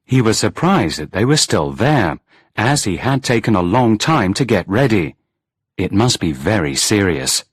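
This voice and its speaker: A man reads a storybook aloud in a measured, expressive way. His voice sits fairly low and has a husky, breathy grain, and his pitch moves a lot. The sound is close and dry, with no room. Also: no echo. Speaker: audiobook narrator. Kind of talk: scripted storybook narration.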